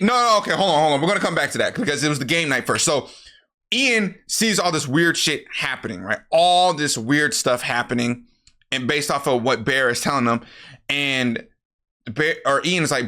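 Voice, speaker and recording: A man telling a movie recap straight off the top of his head, tired after work, rambling and swearing, often doubling back to fix the order. His voice is bright and a touch high for a man. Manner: rambling, profane, self-correcting. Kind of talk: casual storytelling recap.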